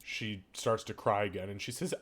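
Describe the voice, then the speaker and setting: A man's voice: lowish voice, normal speed, a bit bright, husky. A man running a tabletop game as game master, describing scenes in casual, conversational narration.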